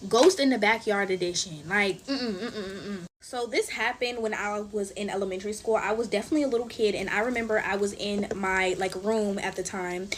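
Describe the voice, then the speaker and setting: Her medium-pitched voice runs a little fast with hardly any pauses, and a faint hiss or hum sits under the recording. She's a TikTok storyteller in her twenties, handling slime during a casual storytime full of fillers, calling viewers "y'all."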